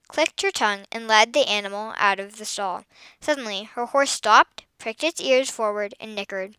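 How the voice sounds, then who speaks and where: A woman reading a children's story aloud with expressive, lively storytelling. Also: a little high, clean tone, no echo.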